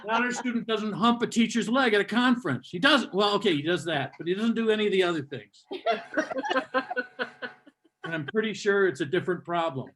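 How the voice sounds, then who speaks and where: Older male comic with a sardonic, mock-hostile delivery and a slightly raised pitch, working a live crowd. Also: fairly quick, a bit bright. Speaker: stand-up comedian. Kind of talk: stand-up comedy set. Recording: live comedy club with audience.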